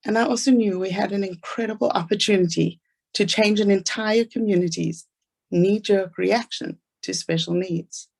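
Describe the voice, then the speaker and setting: A woman's voice: mid-range voice, vocal fry, a little mellow. A woman with a South African accent giving an earnest, inspirational talk about her own life. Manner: earnest storytelling, fast asides. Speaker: speaker.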